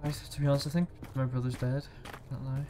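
A man casually commenting while playing a horror game, excitable and swearing freely. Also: medium pitch, brisk, a little hiss or hum. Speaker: gaming channel host.

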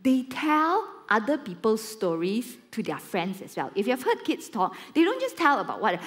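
A woman in her forties with a Malaysian English accent, preaching a sermon and telling a story with lively acted-out quotes. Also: fairly high pitch, moderate pace, hardly any pauses. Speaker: pastor.

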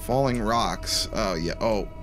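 A man's voice: on the low side, takes it slowly. A young man giving chatty, jumpy commentary to himself while playing a horror game. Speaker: gameplay commentator. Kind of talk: let's play commentary. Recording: faint music behind the voice.

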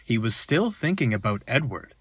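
A man narrating a storybook in an expressive, animated way. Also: medium pitch, moderate pace, background noise.

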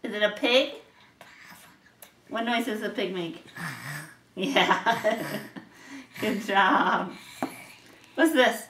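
A woman reading picture books aloud to a toddler, asking patient questions in a slow, playful way. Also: mid-range voice, fairly bright tone, a little hiss or hum. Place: home room. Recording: roomy home video from a distance.

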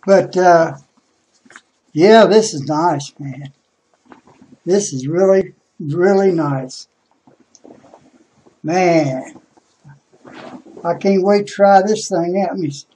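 A man talking casually into a webcam about a package, hesitant, with many pauses and restarts. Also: high voice, dark tone, breathy edge. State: out of breath. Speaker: vlogger. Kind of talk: casual unboxing vlog.

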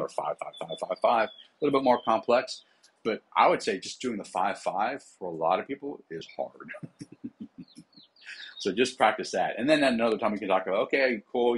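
A man's voice: low voice, slightly rough, low-quality recording. A man, a psychotherapist and coach, talking casually in a podcast interview, with many fillers.

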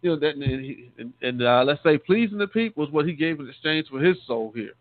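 A man's voice: a little high, animated, fairly quick, no echo. A man, a deacon, giving a conversational sermon, often repeating and restarting words and calling his listeners saints. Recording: tinny phone-line sound, dry.

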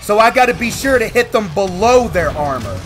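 Excitable high-voiced man gaming. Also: a little fast, slight background noise. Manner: excitable, trash-talking, whoops and laughs. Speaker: gaming video host. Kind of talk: let's play commentary.

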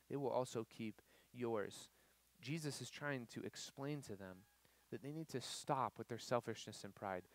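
A young man preaching a casual youth sermon, animated, with many fillers and acted-out quotes. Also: medium pitch. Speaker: youth pastor. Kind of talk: sermon to students.

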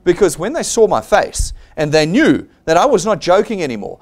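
Animated South African man giving a sales seminar. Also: high-pitched, brisk. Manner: blunt, persuasive, acts out quoted people. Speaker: seminar presenter. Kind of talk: motivational sales seminar talk.

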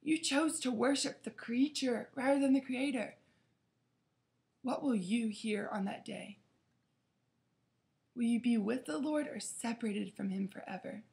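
A woman's voice: a little high, a little slow, creaky, long pauses, darkish tone. A woman giving an earnest devotional talk as a youth Bible study leader, acting out quotes with feeling. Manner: earnest, preaching, acts out quotes dramatically.

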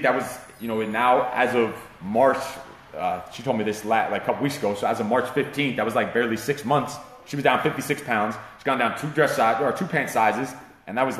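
A man's voice: mid-range voice, a bit bright, roomy sound. A man hosting a live fitness talk show, rambling and profane, hyping up a client's progress. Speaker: fitness trainer and show host. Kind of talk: casual livestream talk.

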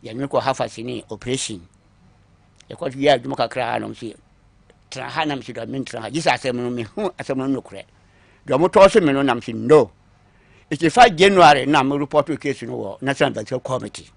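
A man recounting his own long story on a talk show, acting out what others said to him, moving between quiet asides and louder bursts. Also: mid-range voice, quick pace, gravelly, no room sound. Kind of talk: call-in story telling.

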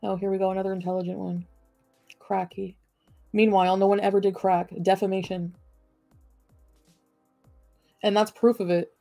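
A woman's voice: mid-range voice, little pitch movement, normal speed, vocal fry, long pauses, mellow, no room sound, soft background music. Profane, combative woman ranting on stream. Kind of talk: livestream rant at chat.

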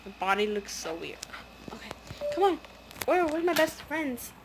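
A woman giving casual, excitable let's-play commentary as she plays, chatty and prone to gasps and squeals. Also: high voice, moderate pace, noisy background. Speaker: gaming video host.

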